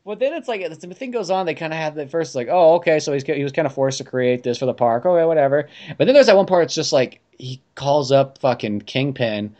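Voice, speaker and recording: A man's voice: on the high side, lively intonation, quick pace, few pauses, warm tone, lo-fi sound. A man hosting a podcast in casual chat, rambling, joking and swearing freely. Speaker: podcast host.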